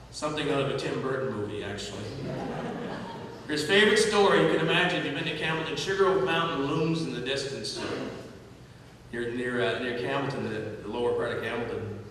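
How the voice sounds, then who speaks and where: A middle-aged man giving a memorial tribute, telling family anecdotes with gentle humor. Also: mid-range voice, moderate pace. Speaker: eulogist. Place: large hall at a memorial service. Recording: echoey hall from far off, noisy.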